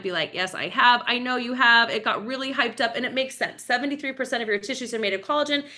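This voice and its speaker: A woman in her forties giving a fast, enthusiastic, chatty live-stream sales pitch for wellness products. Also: bright, forceful tone. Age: 40s.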